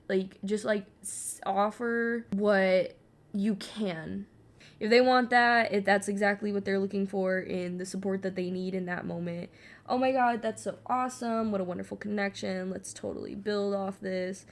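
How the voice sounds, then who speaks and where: A woman's voice: mid-range voice, fairly even intonation, moderate pace. A young adult woman chatting casually while she paints, rambling with lots of fillers and swearing freely. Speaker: artist and vlogger.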